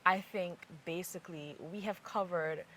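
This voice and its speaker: Woman, young adult, podcast host teaching, patient repetition, lowish pitch, sharp bright tone. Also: slight background noise. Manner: patient, quizzing, slow repeated examples. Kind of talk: instructional podcast chat.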